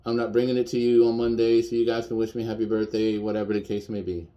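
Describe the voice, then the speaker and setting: A man's voice: lowish voice, level tone, fast talker, dark tone, dull audio. A man in his fifties, a chef, speaking bluntly and defiantly in a personal video rant, repeating his points for emphasis. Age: 50s.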